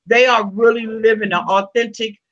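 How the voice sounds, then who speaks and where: A woman's voice: on the high side, fairly even intonation, moderate pace, fairly bright tone. A woman in her fifties, talking frankly and emphatically in a casual chat. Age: 50s. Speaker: host. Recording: dull lo-fi sound.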